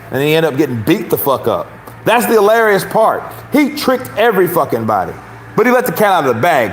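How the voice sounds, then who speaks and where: A man's voice: on the high side, a little hiss or hum. Profane, laughing male boxing commentator. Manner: profane, laughing often, rambling. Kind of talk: casual commentary.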